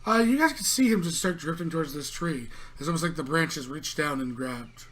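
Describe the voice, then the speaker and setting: A man runs a tabletop game, narrating in a loose, rambling way full of fillers. His voice sits a bit high. Faint noise hums behind him. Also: a little fast, fairly bright tone. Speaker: game master.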